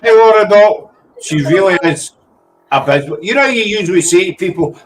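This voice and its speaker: This Scottish man hosts a loose, rambling live chat and teases his guests as he goes. His voice sits a little high for a man. There is a faint hum of noise behind him. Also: lively intonation, moderate pace, rough recording. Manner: teasing, rambling banter. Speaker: host. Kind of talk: casual live-stream chat.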